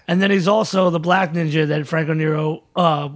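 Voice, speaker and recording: A man's voice: a little high, steady tone, a little fast. A man chatting casually about movies on a podcast, laid-back and joking. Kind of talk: casual movie-review chat.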